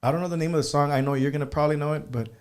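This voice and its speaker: A man's voice: on the high side, fairly even intonation, very fast, a little mellow, clear, resonant tone. A man who is a musician guest on an interview show, telling casual anecdotes and dropping in Spanish phrases.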